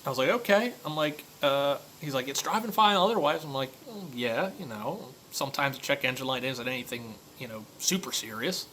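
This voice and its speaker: Bright-voiced mechanic ranting casually. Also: male voice, mid-range voice, lively intonation, a little fast, hardly any pauses, slight background noise. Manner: conversational storytelling, many fillers. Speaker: auto repair shop owner. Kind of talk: casual monologue rant.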